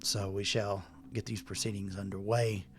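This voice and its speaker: A man's voice: on the low side, little pitch movement, moderate pace, a little hiss or hum, lightly acted. A man voicing a stern male judge in a tabletop game, formal and commanding.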